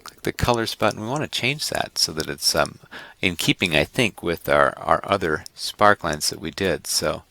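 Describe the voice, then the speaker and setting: In a screen-recorded software tutorial for an online class, a man rambles, corrects himself, and tosses joking asides to his students. His gravelly voice is low-pitched and expressive, moving at a moderate pace.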